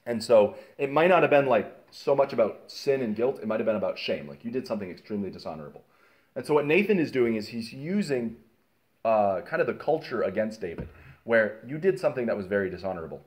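A man teaching a casual Bible study, telling stories in an animated way with many fillers and restarts. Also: medium pitch, fast.

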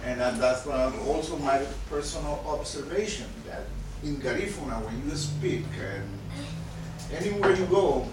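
A man's voice: a little high, lively intonation, normal speed. A man in a language class, earnestly explaining how he learned to pronounce words. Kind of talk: classroom discussion. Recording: very echoey room, camera far off, loud noise.

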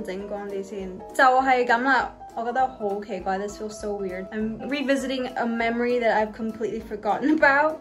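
A woman's voice: fairly high pitch, roomy sound. A woman in her twenties with a Hong Kong accent, chatting playfully as a vlogger and switching between English and Cantonese. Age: 20s. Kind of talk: casual vlog talk.

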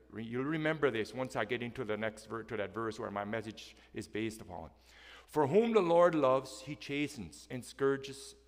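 A man preaching a sermon, asking his congregation questions and swinging between loud and soft delivery. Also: medium pitch. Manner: emphatic, asks the congregation questions. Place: church hall. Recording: long reverb of a church hall.

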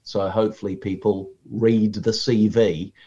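A man guesting on a podcast as a magician, chatting in a lively, storytelling way and acting out how audiences react. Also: lowish voice, unhurried. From Britain. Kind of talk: casual podcast conversation. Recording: slightly muffled lo-fi audio.

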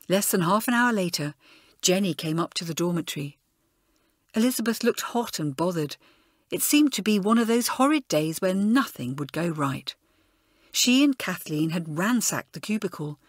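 A woman narrating a children's audiobook with expressive storytelling. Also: fairly low pitch, no room sound, clean studio sound. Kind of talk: scripted narration.

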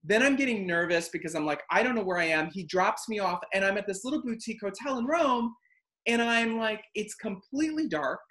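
A man hosting a casual chat, telling a long travel story with lively acted-out quotes. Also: sits high, brisk. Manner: animated, acts out quotes and voices. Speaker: host.

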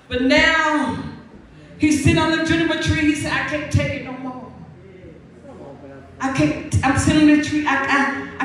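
A woman apostle preaching a rhythmic call-and-response sermon in church, repeating lines and swinging between shouts and soft pleading. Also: high voice, fairly even intonation, moderate pace. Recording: echoey room, far from mic, music behind.

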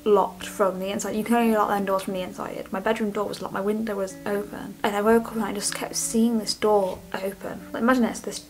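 A young woman, speaking candidly and rambling in a personal vlog from her student flat bedroom. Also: medium pitch, a little fast, hardly any pauses, a little hiss or hum, poor audio. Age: young adult. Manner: candid, rambling, restarts often. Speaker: vlogger.

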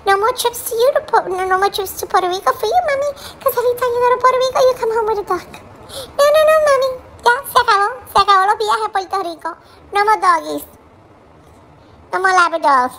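A woman voicing a tiny jealous chihuahua, very high and bright, dramatic, chatty, English and Spanish mixed, faint hiss behind. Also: fast, heavily acted. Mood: complaining. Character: sassy little female chihuahua dog, jealous and dramatic.

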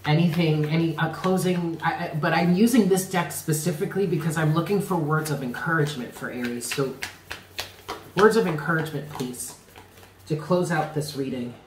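A man's voice: on the high side, normal speed, roomy sound, slight background noise, rough recording. A man giving a tarot reading, speaking earnestly and stressing points by repeating them. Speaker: tarot reader.

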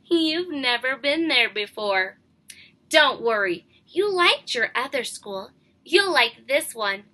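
A woman's voice: sits high, animated, slow, bright, forceful tone, heavily acted. Storybook husband, patient and firm, coaxing tone, voiced by a woman reader.

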